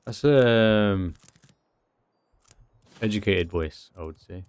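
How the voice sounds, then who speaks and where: A young British man chatting casually on a livestream, in slangy, lively speech. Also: lowish voice, moderate pace. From United Kingdom.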